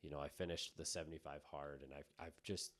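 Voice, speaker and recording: Blunt, cursing man with a very deep voice. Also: level tone, fairly quick. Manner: blunt and profane, jumps between loud bursts and low asides. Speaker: podcast co-host. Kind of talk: casual podcast chat.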